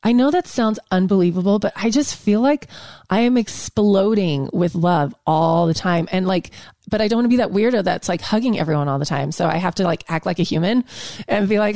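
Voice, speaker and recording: A woman's voice: medium pitch, lively intonation, a little fast, mellow, no echo, clean studio sound. A woman talking casually and emotionally as a podcast guest, gushing and rambling with many restarts and fillers.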